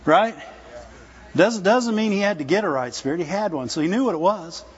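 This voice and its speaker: A man preaching in a loose, chatty way, with a high, light voice. He keeps checking in with his listeners through quick rhetorical questions. The sound is a little dull and lo-fi. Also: animated, breathy edge. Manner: conversational, folksy, with laughs and rhetorical questions. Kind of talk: sermon. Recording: dull lo-fi recording.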